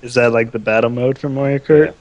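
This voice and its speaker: A young man co-hosting a podcast, speaking calmly and matter-of-factly in casual chat. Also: medium pitch, fast talker, muffled recording. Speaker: podcast co-host.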